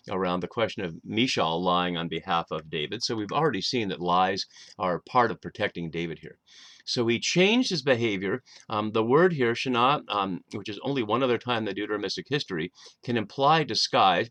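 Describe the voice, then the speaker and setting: A man's voice: fairly low pitch, fairly bright tone, dry recording. A man lecturing on a Bible passage, thoughtful and explanatory, with frequent fillers. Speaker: Bible teacher. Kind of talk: lecture on scripture.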